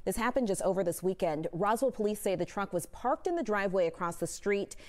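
A woman's voice: mid-range voice, expressive, a little fast. A woman reading a news report with a light, wry touch. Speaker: news anchor.

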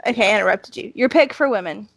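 A woman's voice: medium pitch, fast talker, gravelly, no room sound. A woman with a Southern accent chatting casually as a podcast co-host, emphatic and full of restarts. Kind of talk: casual chat about wrestling.

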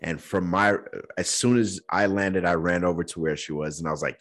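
A man's voice: sits low, steady tone, normal speed, soft background music. A man hosting a podcast, earnestly telling a personal story in a reflective way, sometimes using casual slang. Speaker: podcast host.

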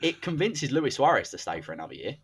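A man's voice: mid-range voice, sing-song, fast, slightly rough. A man, hosting a podcast and telling a football story in a casual, dramatic way. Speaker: podcast host.

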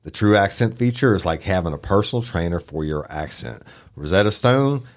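Low-voiced man reading an ad. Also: expressive, fairly quick. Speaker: ad announcer. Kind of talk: scripted ad read.

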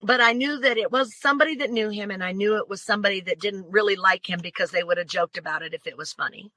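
A woman's voice: medium pitch, fast, bright, forceful tone, no room sound, poor audio. A woman as an interview guest telling a personal story in an earnest, emphatic way.

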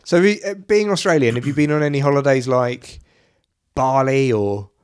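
A male podcast host in casual chat, rambling through a story with lots of ums and easy swearing. His voice sits mid-pitch and unforced. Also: moderate pace, a little mellow, smooth.

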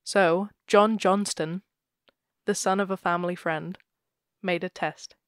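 Chatty giggly woman podcaster, kinda low voice, retelling ghost legends. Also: steady tone, a little slow, no echo, studio quality. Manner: giggly, chatty, laughs often. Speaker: podcast co-host. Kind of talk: casual storytelling chat.

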